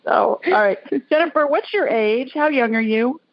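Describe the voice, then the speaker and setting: A chatty woman hosts a call-in show, talking to callers in a folksy, easygoing way. Her voice has some gravel in it. The sound is dry and a little dull, like lo-fi radio audio. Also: fairly high pitch, normal speed, dry recording. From Alabama. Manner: chatty, folksy, laughs often. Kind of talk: casual call-in radio chat.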